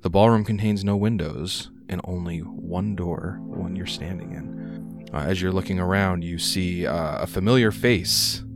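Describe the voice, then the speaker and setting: A man's voice: low-pitched, normal speed, over music. A man narrating as game master, reading room descriptions with frequent "uh" hesitations.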